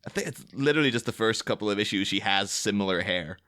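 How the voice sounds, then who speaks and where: Chatty bright-voiced man, laughing often. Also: lowish voice, expressive, quick pace, smooth. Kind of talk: casual podcast chat.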